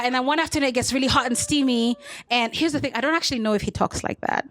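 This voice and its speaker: A woman performing stand-up comedy, her voice sitting slightly high. She tells her story in an animated way, slipping into put-on voices for the people in it. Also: fast, soft background music. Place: comedy club stage.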